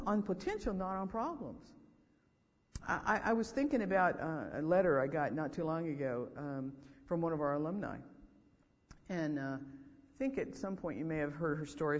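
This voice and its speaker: A man giving a sermon as a school chapel speaker, telling stories in an animated way and acting out what people said. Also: fairly high pitch, vocal fry. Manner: animated storytelling with acted-out quotes. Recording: dull lo-fi hall recording.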